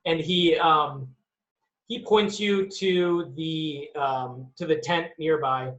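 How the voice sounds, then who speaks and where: A man narrates as game master of a tabletop game. He talks slowly and halts often, filling gaps with ums, in a pitch a little above the usual. The sound is roomy and somewhat dull. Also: fairly bright tone. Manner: slow, hesitant narration with many fillers.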